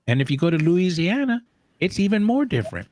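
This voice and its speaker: A man chatting casually on a talk show, telling animated stories with frequent restarts and laughs. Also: high voice, a little fast. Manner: animated storyteller, laughs often, many restarts. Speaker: co-host of a social media talk show. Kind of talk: casual chat.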